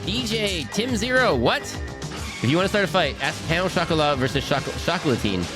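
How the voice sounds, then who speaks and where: A man's voice: on the high side, expressive, fairly quick, music in the background. A man hosting a cartoon watch-along stream from home at his computer, rambling and giggling as he answers chat. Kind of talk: casual live-stream chat.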